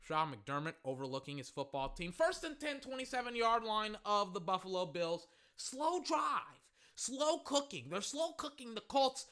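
An excitable fan commentator calling live football play-by-play, bursting out loudly on big plays and talking straight to listeners. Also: medium pitch. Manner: excitable, loud bursts, rapid asides to listeners.

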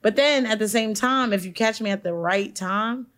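Woman podcast host, casual banter, lively, swears freely, mimics others. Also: mid-range voice, moderate pace. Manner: animated, profane, acts out voices. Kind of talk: casual chat.

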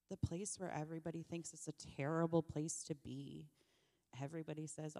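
A woman telling her personal story of struggle in an earnest, emotional way, her voice often dropping soft. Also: deep voice, flat delivery, a little fast, in a large hall. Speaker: church member sharing testimony. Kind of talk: personal testimony on stage.

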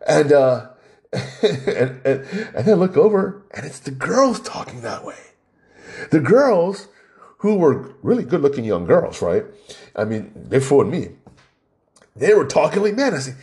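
A man's voice: mid-range voice, big pitch swings, fairly quick, a little mellow. A man talking in a casual, rambling, opinionated monologue, telling anecdotes.

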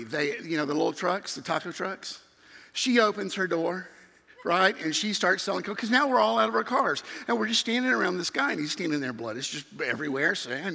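A man's voice: high voice, vocal fry, sharp tone. A middle-aged man tells a sermon story as a youth minister, acting out other people's voices. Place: church sanctuary. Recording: reverberant hall.

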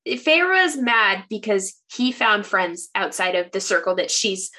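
A woman's voice: medium pitch, big pitch swings, measured pace, pushed and bright. A woman co-hosting a casual book podcast, emphatic and exasperated, often self-deprecating. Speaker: podcast co-host.

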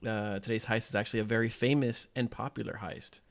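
A man's voice: lowish voice, fairly even intonation, fast talker, vocal fry. A man co-hosting a casual true-crime podcast from a small home loft, rambling loosely with lots of fillers. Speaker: podcast co-host.

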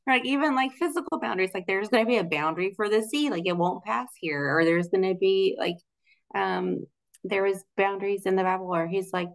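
A woman's voice: medium pitch, a little fast. A young adult woman in a casual interview, talking in a chatty, loose way with many "like" fillers and frequent laughs. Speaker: guest, Christian relationship coach.

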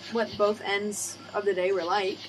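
A young woman chats casually as a podcast host, rambling through stories and swearing freely. Her pitch sits in the middle for a woman. A faint hiss runs underneath the recording. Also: flat delivery, unhurried, poor audio. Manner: rambling, swears freely, acts out quoted voices. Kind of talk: casual chat. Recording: faint background noise.

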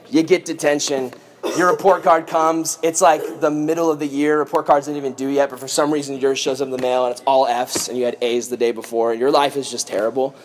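A man preaching to a youth group as youth pastor, retelling a story in a jokey, animated way with playful asides. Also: on the high side, slight background noise. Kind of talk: comic sermon storytelling.

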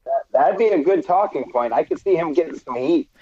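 A man's voice: a little high, expressive, a little fast, dark tone, breathy edge. A man in casual chat as a podcast guest, blunt and profane, talking in a laid-back way. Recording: dull lo-fi sound.

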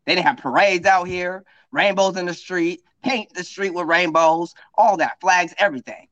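A man's voice: high voice, moderate pace, fairly bright tone, no echo, dull audio. A man from the US Northwest telling a long, profane story on a casual podcast, often asking "you feel me". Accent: US Pacific Northwest. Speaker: podcast co-host.

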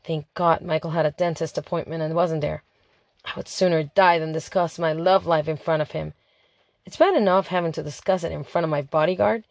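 A woman's voice: deep voice, fairly even intonation, brisk, creaky, dry recording, studio quality. Woman narrating a chatty diary. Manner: chatty, dramatic, exasperated. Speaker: audiobook narrator. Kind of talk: first-person diary narration.

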